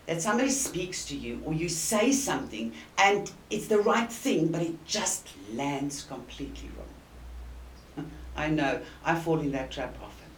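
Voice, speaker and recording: South African woman, low voice, earnest coaching talk, roomy distant sound. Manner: earnest, emphatic, with deliberate pauses. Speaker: communication coach. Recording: roomy and distant with faint hiss.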